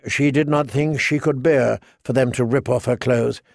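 A man narrating a fantasy novel in an audiobook with measured, even storytelling. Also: mid-range voice, gravelly, no echo, clean studio sound.

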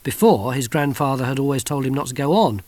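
A man reading a novel aloud in measured, wry audiobook narration. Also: mid-range voice, darkish tone, no echo.

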